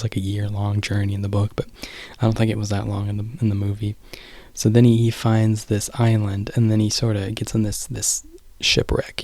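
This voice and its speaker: Man vlogger, low gravelly voice, loose rambling recap, dry close mic. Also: darkish tone, no room sound. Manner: rambling, heavy on "you know" and "like". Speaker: vlogger retelling a film. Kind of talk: casual rambling monologue.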